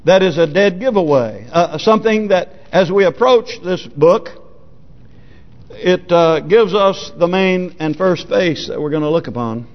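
High-voiced preacher in an echoing hall. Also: male voice, expressive, unhurried. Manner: asks the congregation rhetorical questions; reads scripture aloud with emphasis. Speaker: pastor. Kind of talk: sermon. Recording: dull, lo-fi recording in a reverberant church hall.

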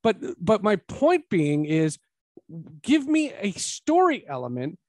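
A man's voice: high-pitched, slow, no room sound. A man hosts a casual podcast review, his slightly raised voice climbing as he drives home emphatic points. The sound is dry and close, with little room around it. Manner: animated, rising to emphatic points. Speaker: podcast host. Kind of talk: casual film review chat.

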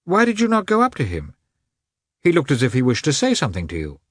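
A man's voice: mid-range voice, huge pitch swings, fast, breathy edge, no echo, studio quality, pitched above the performer's own voice. A man reading aloud, voicing an older prince, a kind father with mild irony. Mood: courteous. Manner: warm, sighing, mild irony.

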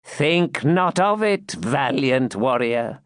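A man reading aloud and voicing a vengeful, gloating old woman, slow, grim and mocking. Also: mid-range voice, big pitch swings, no room sound, clean studio sound. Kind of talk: audiobook character reading.

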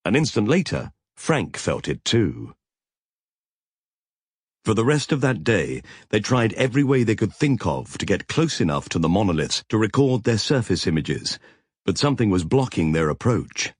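A male audiobook narrator with a husky, fairly low voice. His reading is measured yet expressive, pitch rising and falling freely. The sound is close and dry. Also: no room sound. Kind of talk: scripted narration.

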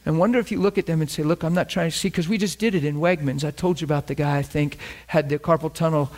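Storytelling preacher, slightly high voice. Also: male voice, fairly even intonation, quick pace, darkish tone. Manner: storytelling, acting out both sides of conversations. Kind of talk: sermon with acted-out anecdotes.

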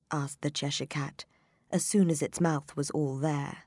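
A woman narrating a children's storybook in a measured, expressive reading. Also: low-pitched, dry recording, studio quality.

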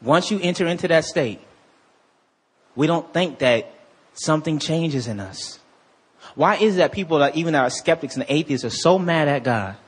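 A male pastor preaching a sermon in an animated, conversational way, full of slang and quick restarts. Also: on the high side, husky.

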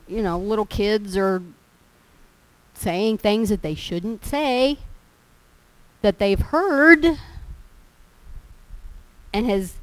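A woman's voice: a little high, dry recording, low-quality recording. A woman preaching a sermon in a folksy, storytelling way. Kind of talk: sermon with personal stories.

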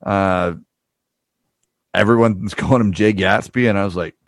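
A man co-hosting a podcast, chatting casually about a TV show, often pausing with ums and uhs. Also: fairly low pitch, dry recording. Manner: halting, with frequent ums and uhs. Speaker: podcast co-host. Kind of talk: casual chat, recapping a TV show.

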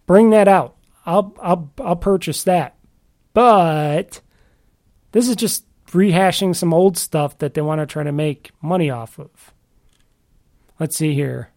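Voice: medium pitch, takes it slowly, pauses often, a little mellow. A podcast host in a casual solo chat about games, rambling and often restarting sentences, with an offhand, mildly grumbling manner.

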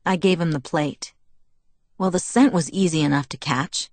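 A woman narrating a novel in the first person, steady and measured. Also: sits low, no room sound. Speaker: audiobook narrator.

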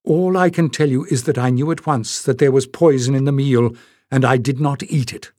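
A man's voice: mid-range voice, steady tone, normal speed, warm tone, dry recording, studio quality, lightly acted. A man reading aloud, voicing a brave and earnest young woman in a storybook. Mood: resolute.

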